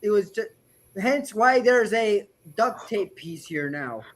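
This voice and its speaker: A young adult robot builder telling stories in a rambling, animated way during a casual livestream chat, voice slightly hoarse. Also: medium pitch, takes it slowly.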